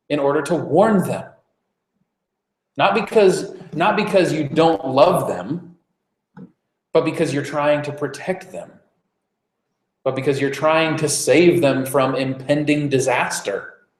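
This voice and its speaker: A man delivering a conversational sermon as pastor, informal, with frequent fillers and restarts. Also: on the high side. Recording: roomy, echoey church room.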